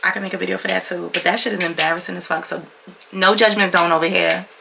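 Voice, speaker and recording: Young female vlogger, casual storytime delivery, creaky edges, noisy recording, animated and profane. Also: on the low side, fast talker. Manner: animated, slangy storytelling with lots of swearing.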